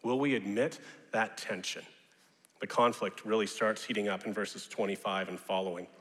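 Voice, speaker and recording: A man preaching a sermon as pastor, animated and rising now and then to loud mocking shouts. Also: on the low side, normal speed. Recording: long reverb of a large hall.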